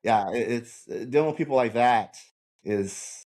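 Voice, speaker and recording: A man, a paranormal investigator guest on a podcast, telling stories in an animated way with many repeated words. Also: medium pitch, a little slow. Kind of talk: casual podcast conversation.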